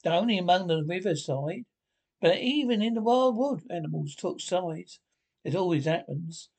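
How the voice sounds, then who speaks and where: A man voicing a sensible, earnest male water rat in a storybook reading, telling things slowly and emphatically. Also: high-pitched, expressive, darkish tone. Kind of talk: storybook character voice.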